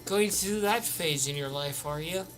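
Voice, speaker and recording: A man's voice: on the high side, normal speed, a bit bright, voice pushed up, close to an everyday voice, rough recording. A man voicing a prim, officious potion shopkeeper who talks down to a customer. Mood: condescending. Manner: stern, condescending. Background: background music.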